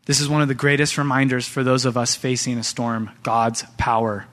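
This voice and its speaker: A pastor, a father of young sons, preaching a sermon in an animated way and often addressing the church directly. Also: mid-range voice, brisk. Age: young adult to middle-aged, father of young sons.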